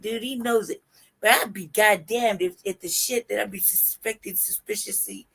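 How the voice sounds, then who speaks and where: A woman's voice: mid-range voice, rough recording. A woman hosting a live stream, telling candid personal stories in casual chat. She swears freely, laughs often and acts out what she and others said.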